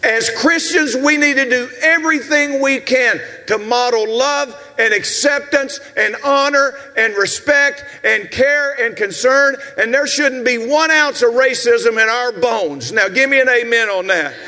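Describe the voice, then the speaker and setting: A man in his sixties with a Southern US accent, preaching a sermon as pastor with shouted, rhythmic repetitions and asides to the congregation. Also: extremely high pitch, measured pace, hardly any pauses, long reverb tail. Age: 60s. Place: church sanctuary.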